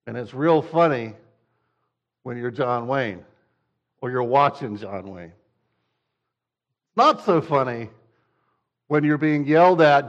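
Animated man telling funny stories. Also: mid-range voice, slow pace, long pauses. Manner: animated, acts out scenes with swinging energy. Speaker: father. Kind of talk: humorous sermon storytelling. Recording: dull lo-fi recording.

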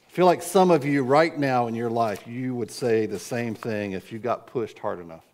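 This sermon comes from a middle-aged pastor talking at normal speed and medium pitch, earnest and driven by narrative. Loud outbursts break in suddenly when he performs his own cries.

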